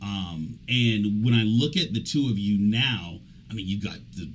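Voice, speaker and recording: A man's voice: lowish voice, a little slow, low-quality recording. Chatty male radio host with faint noise. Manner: chatty, animated, trails off and restarts. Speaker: radio show host and executive coach. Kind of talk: casual conversational interview.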